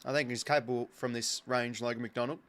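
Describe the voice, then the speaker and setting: A young Australian man chats through a football match he's watching as a fan, offering casual, partisan live commentary punctuated by excitable bursts. His mid-range voice moves fairly quickly, with slight background noise.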